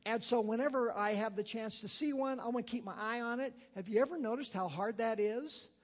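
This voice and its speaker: A man's voice: very high-pitched, brisk. A man preaching a sermon, talking casually with fillers and asides between readings of scripture. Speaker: pastor.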